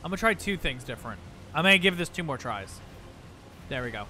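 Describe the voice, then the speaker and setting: A young man streaming a video game live, reacting excitably, talking to himself and thanking chat. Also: fairly high pitch, fast talker, slight background noise. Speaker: gaming livestreamer. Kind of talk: live gameplay commentary.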